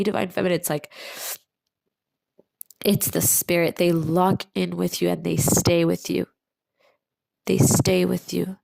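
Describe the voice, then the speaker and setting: Gravelly-voiced woman medium, slow and soothing. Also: fairly low pitch, darkish tone, dry recording, poor audio. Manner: slow, soothing, repeats phrases for emphasis. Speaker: medium giving a tarot reading. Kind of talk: channeled pick-a-card reading to camera.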